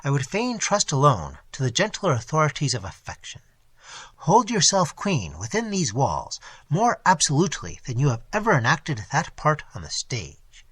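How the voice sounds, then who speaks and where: A man's voice: on the high side, huge pitch swings, moderate pace, a bit bright, breathy edge, dry recording, full character voice. A man voicing a proud, scornful prince who speaks in an imperious, archaic way. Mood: suave.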